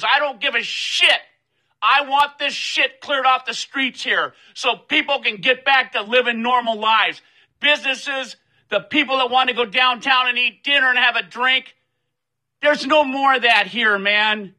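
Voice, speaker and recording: A man rants in open fury, cursing at nearly every turn and demanding that his followers spread his message. His voice sits high for a man and cuts with a hard, piercing edge. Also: rough recording. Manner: furious, swearing, shouting demands. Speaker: social media poster. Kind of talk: angry profane rant to camera.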